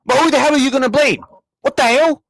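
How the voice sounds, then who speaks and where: A man's voice: very high-pitched, fast talker, creaky, a bit bright. Angry young man ranting. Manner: angry, repetitive, swearing, talks back to chat. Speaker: football reaction streamer. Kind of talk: live match reaction rant.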